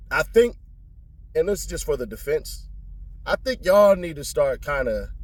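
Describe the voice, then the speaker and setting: A man giving casual commentary on a court trial, talking bluntly and profanely in slang, and jumping up in pitch to make a point.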